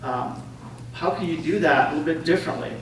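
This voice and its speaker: A man's voice: a little high, brisk. A man giving a conference talk to an audience, telling stories and often checking in with "right?" and "okay?". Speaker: conference speaker. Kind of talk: interactive lecture to an audience. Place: conference room. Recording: echoey room, distant mic, faint noise.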